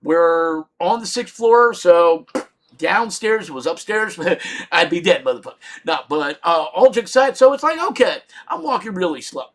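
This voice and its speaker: A middle-aged man telling a comedic story with lots of swearing, shouting out his punchlines. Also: high voice, animated, normal speed.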